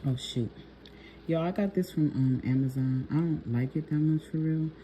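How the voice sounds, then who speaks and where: A woman's voice: deep voice, moderate pace, dark tone, a little hiss or hum. A young woman nail technician telling a personal story in a chatty, laughing vlog style, talking to viewers as y'all.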